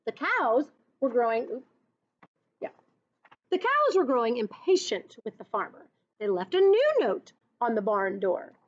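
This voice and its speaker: A woman's voice: on the high side, sing-song, unhurried. A woman teacher giving a recorded lesson, patiently explaining to children, on a dull lo-fi recording. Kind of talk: recorded class lesson and read-aloud.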